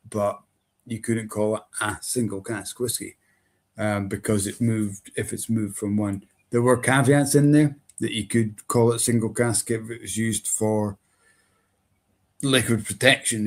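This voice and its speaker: A man co-hosting a casual live-stream chat, rambling with many hesitations. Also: fairly low pitch. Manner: rambling, hesitant, lots of ums. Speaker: whisky shop co-host.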